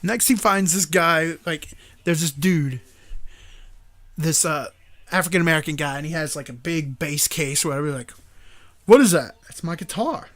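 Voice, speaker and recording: A man hosting a live stream show, rambling through a movie plot in a casual, animated way with frequent laughter. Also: a little high, moderate pace, no room sound. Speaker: show host.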